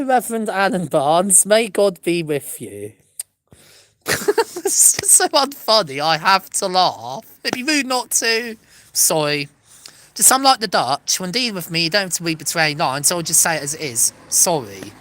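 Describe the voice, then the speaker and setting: An Englishwoman with a lowish, sharp-toned voice vlogs solo at a moderate pace, her pitch swinging widely over slight background noise. Her rambling comedy talk leaps from joke to joke, punctuated by frequent apologies, digressions and laughter at her own jokes.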